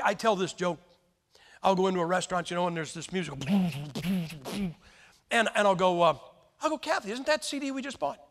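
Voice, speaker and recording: A man's voice: sits high, a bit bright. A man in his sixties preaching a folksy sermon, joking and firing rhetorical questions at the congregation. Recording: long hall reverb.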